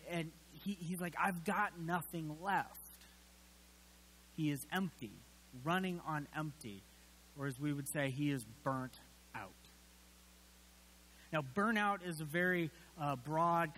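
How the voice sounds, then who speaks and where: A male pastor giving a sermon in a relaxed, conversational way, with many fillers and wry, casual asides. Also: fairly high pitch, poor audio.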